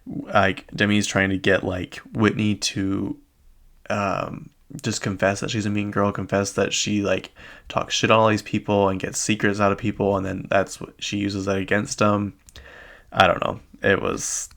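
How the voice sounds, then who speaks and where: A man's voice: fairly low pitch, monotone, moderate pace, creaky, fairly bright tone. A man hosting a podcast, chatting casually and rambling with lots of fillers. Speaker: podcast host. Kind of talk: casual recap chat.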